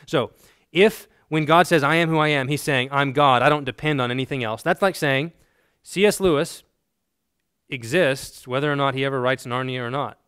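Man teaching a theology lecture, smooth voice. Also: medium pitch, moderate pace, fairly bright tone, no room sound, studio quality. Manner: conversational, emphatic, asks the class questions. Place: classroom.

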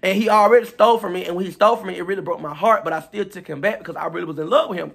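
High, fast-talking animated man. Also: gravelly, breathy edge. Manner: animated, profane, chatty gossip addressing viewers directly. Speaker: storytime vlogger. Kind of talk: casual storytime vlog.

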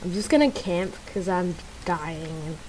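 A woman giving casual gameplay commentary while playing with a friend, bursting into loud exclamations between muttered asides. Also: on the low side, animated, slow, a little hiss or hum, poor audio.

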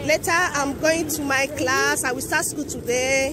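Slow, high-pitched gushing mother. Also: steady tone, background noise. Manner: effusive, praises and prays aloud. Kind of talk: family vlog chatter.

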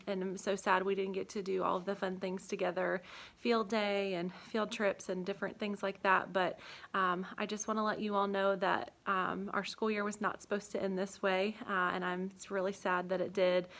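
A young woman teacher in an empty classroom, speaking an emotional farewell to her students and holding back tears, with many pauses and ums. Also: mid-range voice, flat delivery, fairly bright tone. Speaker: third grade teacher. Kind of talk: heartfelt farewell video message.

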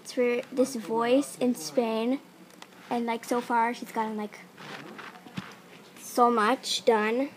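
Excitable high-voiced young woman vlogging. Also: slow, pauses often, slight background noise. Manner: excitable, rambling, many "like" fillers. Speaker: YouTuber. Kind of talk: casual screen-recorded vlog.

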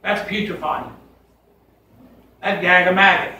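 Speaking slowly in a high, pushed and bright voice, a male pastor delivers a fiery, folksy sermon with emphatic scripture quotations. He's picked up from afar in an echoey church sanctuary.

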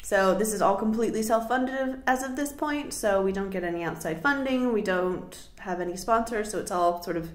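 A woman's voice: medium pitch, moderate pace, hardly any pauses, reverberant. A woman hosting a podcast, chatting in a friendly way and laughing easily. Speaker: podcast host. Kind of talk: casual chat.

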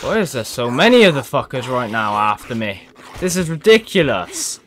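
A man's voice: medium pitch, very animated, moderate pace, a bit bright, a little hiss or hum. A young man giving let's-play commentary to his viewers, frustrated and swearing often. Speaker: gaming video creator.

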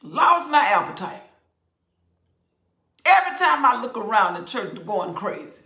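Woman acting as a dismayed ancient scribe, gravelly, tense, echoey room. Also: fairly high pitch, big pitch swings, sharp tone, exaggerated voice. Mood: anguished. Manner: emphatic, slow and stricken. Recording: roomy echo.

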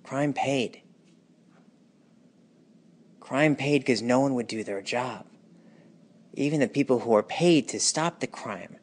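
Man, emotional personal monologue, anguished, bitter, shifts between hushed and forceful, medium pitch. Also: slow, long pauses.

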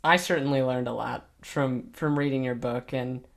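A man's voice: medium pitch, fairly even intonation, normal speed, vocal fry. A teenage boy hosting an interview, speaking hesitantly with many fillers and restarts. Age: teens. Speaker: host. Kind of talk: casual interview chat.

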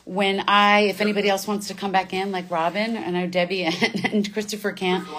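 A woman voice actor and coach chatting warmly to fans on a live stream from a studio, gushing with thanks and goodbyes. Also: medium pitch, flat delivery, fairly quick. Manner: gushing, affectionate sign-off chatter. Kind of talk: casual live stream chat.

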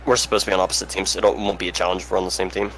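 A man chatting with friends while they play an online game, reacting quickly and teasing as he calls plays. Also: deep voice, little pitch movement, a bit bright, slight background noise. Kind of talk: casual gaming chat.

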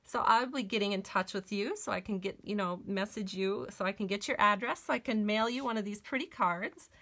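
A woman's voice: medium pitch, brisk, a bit bright. A woman hosting a live stamping and card-making demonstration at her crafting table. She talks in a chatty way and gushes over her work.

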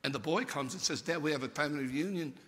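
A man preaching a sermon, retelling a story theatrically, swinging between shouted peaks and hushed lows. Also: fast talker, slight background noise. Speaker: pastor. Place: large church sanctuary. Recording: long hall reverb from a church service.

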